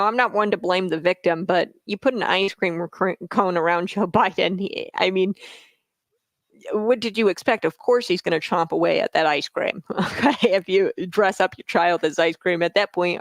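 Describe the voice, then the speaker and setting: A man's voice: high voice, a bit bright, no echo. A man hosting a casual political commentary vlog, talking in a sarcastic, mocking way with lots of filler words.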